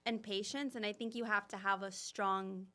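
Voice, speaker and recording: A woman's voice: mid-range voice, fairly even intonation, moderate pace, pushed and bright. A young woman just starting out as an esthetician, reflective and chatty in a casual podcast conversation. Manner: reflective, chatty with many fillers. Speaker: podcast co-host, new esthetician.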